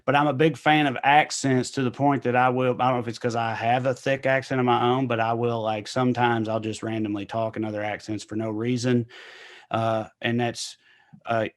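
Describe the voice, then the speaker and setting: A man with a thick East Tennessee drawl talks loosely in a casual interview, drifting through asides and chuckling as he goes. His voice sits at an ordinary middle pitch for a man. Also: little pitch movement, fairly quick. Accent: Southern US, East Tennessee. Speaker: comedian guest.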